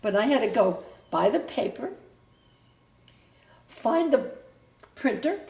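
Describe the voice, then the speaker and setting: Older woman rambling through family memories, high voice. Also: lively intonation, takes it slowly, darkish tone, reverberant. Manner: rambling, self-interrupting storyteller. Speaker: mother recounting family history. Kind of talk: casual family reminiscence.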